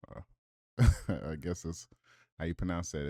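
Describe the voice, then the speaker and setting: A man's voice: low-pitched, unhurried, gravelly, dark tone, no room sound, studio quality. A man giving casual reaction commentary, reading viewer comments aloud with blunt, profane asides and rhetorical questions.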